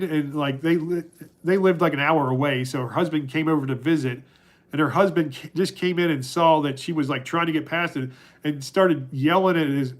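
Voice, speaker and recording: A middle-aged man talks on his livestream in a loose, rambling way, stopping and restarting often as he reads the chat. His voice sits a little high for a man. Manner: rambling, halting, many restarts and fillers. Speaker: livestream host answering chat.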